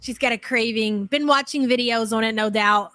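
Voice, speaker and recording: A woman's voice: a little high, normal speed, sharp tone. A woman hosting a live reaction stream, talking bluntly and mockingly with plenty of profanity. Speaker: commentary channel host.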